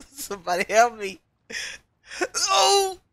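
A VTuber streamer with a slightly high, somewhat bright voice plays a frustrating climbing game, yelping "yes" and "no" and laughing and shrieking at each setback. Her reactive commentary is recorded with no room sound.

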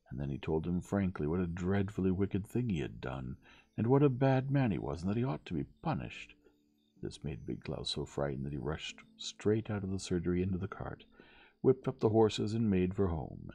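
A man reads a bedtime story softly and gently. His voice is very deep and gravelly, with a mellow tone and lively swings. Faint music plays underneath. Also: normal speed. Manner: soft, gentle reading.

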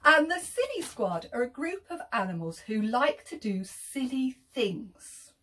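Animated woman telling a children's story. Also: a little high, measured pace, distant mic. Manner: animated, sing-song, whispers and gasps for effect.

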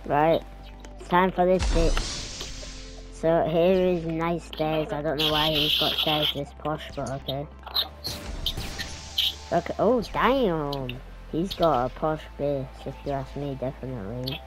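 A woman's voice: low voice, slow. A woman chatting casually and rambling as she records her gameplay, easily amused. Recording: loud game music behind.

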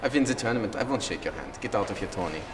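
A gloating German gamer, acted by a man in a put-on German accent, loud, rude and bossy, his voice swinging up and down. He sounds roomy and far from the mic, picked up in a big echoing convention hall with noise behind him. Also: fairly low pitch, lively intonation, rapid-fire, natural voice. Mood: smug. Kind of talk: comedy sketch acting. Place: large convention hall with gaming tables.

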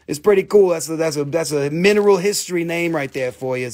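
A man's voice: on the high side, brisk, hardly any pauses, darkish tone. A man hosting a live crystal sale, rambling and joking with crude humor and playful put-on voices. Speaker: host selling crystals on a live stream. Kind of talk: casual live sales chat.

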